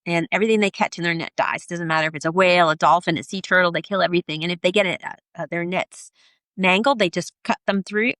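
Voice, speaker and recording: A middle-aged woman, a podcast guest, telling her story in a lively way and acting out the voices of the people in it. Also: fairly low pitch, quick pace, no echo. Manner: animated, acts out quoted voices. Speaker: podcast guest, sailor and author. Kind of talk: storytelling in an interview.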